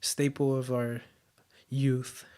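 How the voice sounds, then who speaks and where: A man's voice: mid-range voice, flat delivery, takes it slowly, mellow, clear, resonant tone. A man co-hosting a casual chat, laid-back and slangy, often agreeing with his partner. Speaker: co-host.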